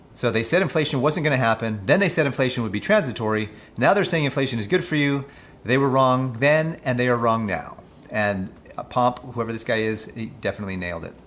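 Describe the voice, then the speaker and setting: A man's voice: mid-range voice, a bit bright, a little hiss or hum. A man coaching on personal finance, talking casually and skeptically through news articles and reading figures aloud. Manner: mocking when quoting officials.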